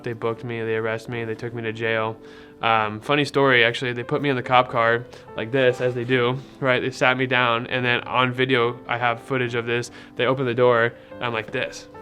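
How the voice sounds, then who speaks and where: A young man with a bright, forward voice at a middle pitch tells his faith story in a loose, rambling way. He leans on fillers and acts out past conversations. Soft guitar music plays faintly underneath. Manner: rambling and conversational, many fillers and retold dialogue. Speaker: person sharing a faith testimony. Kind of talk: casual personal testimony.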